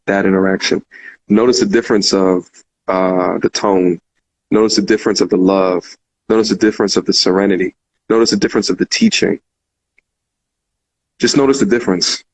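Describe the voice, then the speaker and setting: A man's voice: low-pitched, no room sound, rough recording. A man hosting a live call-in talk show, speaking casually and heartfelt, repeating phrases with many fillers. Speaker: show host.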